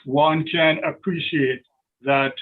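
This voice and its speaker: A man's voice: on the high side, fairly even intonation, takes it slowly. A male defence lawyer making formal, deferential courtroom submissions to appeal judges, with frequent hesitations. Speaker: defence counsel. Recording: tinny phone-like remote line.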